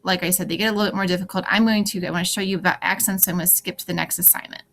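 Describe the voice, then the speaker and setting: A French teacher records a screen-captured tutorial for her students, guiding them click by click with practical, encouraging tips. Her voice sits on the low side, with fairly even intonation and a rapid-fire pace. It sounds a bit bright, and there's a slight hiss or hum.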